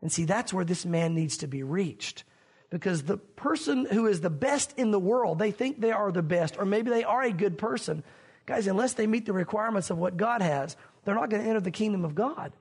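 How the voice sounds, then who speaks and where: A man's voice: high-pitched, expressive, brisk, husky. A man preaching a sermon as pastor, earnest and questioning, addressing his congregation directly.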